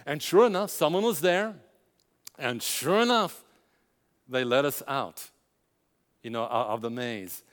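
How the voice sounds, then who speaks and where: A man's voice: medium pitch, expressive, a little slow, pauses often, fairly bright tone, big-room sound. An older man preaching a sermon, telling a personal story with quoted dialogue and building to emphatic climaxes.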